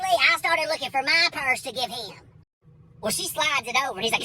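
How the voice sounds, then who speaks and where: A comedian telling a crude, animated story and acting out the other people in it. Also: female voice, high voice, brisk, low-quality recording.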